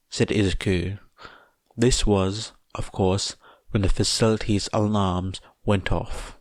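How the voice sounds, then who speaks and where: A man reading fan fiction aloud as a podfic narrator, in a measured, even way. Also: lowish voice, no echo. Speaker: podfic reader.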